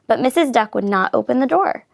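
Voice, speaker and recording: A woman reads a children's picture book aloud with expressive, lively storytelling. Her voice sits fairly high and has a gravelly edge. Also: brisk. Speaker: reader.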